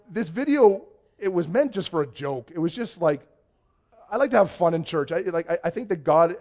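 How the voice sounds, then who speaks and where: A man preaching a conversational sermon to his congregation, telling stories in an excitable, chatty way. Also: fairly high pitch. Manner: chatty storytelling, excitable, many restarts. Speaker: pastor. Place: church before a congregation.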